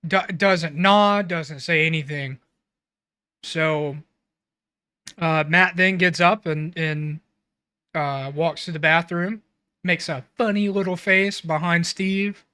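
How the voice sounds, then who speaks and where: A man's voice: on the high side, pushed and bright, clear, resonant tone, no echo. A man co-hosting a casual film review podcast, recapping scenes in a blunt, rambling way and swearing freely. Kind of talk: casual chat.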